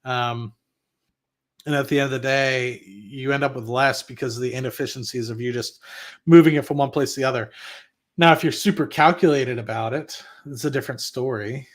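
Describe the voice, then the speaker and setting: A man's voice: mid-range voice, brisk. Blunt, rambling man giving casual market talk. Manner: rambling and blunt, with frequent profanity and restarts. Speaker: investing channel host. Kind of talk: casual livestream talk reading viewer chat.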